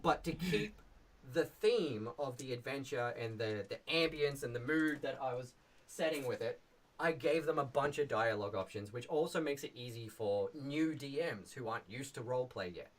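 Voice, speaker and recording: A man casually presenting his tabletop adventure on a live stream in a relaxed, rambling way. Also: medium pitch, normal speed.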